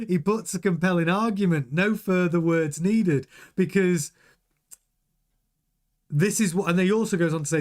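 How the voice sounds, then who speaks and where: A man's voice: high voice, normal speed, a little mellow. A man hosting a daily motorsport news show, chatting frankly and giving his opinions while greeting viewers in the live chat. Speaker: news channel host.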